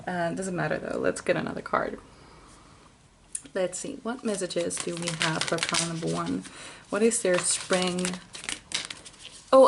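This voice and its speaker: Slow, gravelly-voiced woman reading tarot. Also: fairly low pitch, a little hiss or hum. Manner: gentle, musing, many fillers and restarts. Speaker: tarot card reader. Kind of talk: intuitive tarot reading to camera.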